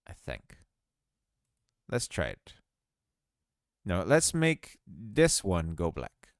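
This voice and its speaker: Deep-voiced and drawing out his words, this man swoops wildly in pitch while hosting a laid-back screen-recorded game dev tutorial. He muses aloud and laughs at his own mistakes as he goes. The studio sound is clean, with no echo.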